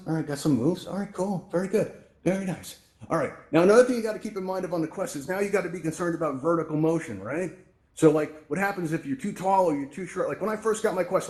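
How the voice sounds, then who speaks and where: A man leads a live walkthrough in a quick, chatty rush. His voice sits a little high for a man, and he coaches his audience in an upbeat way. The sound has a roomy echo from a headset mic. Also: a little mellow. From New York. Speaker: virtual reality event host. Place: virtual reality social space. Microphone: VR headset microphone.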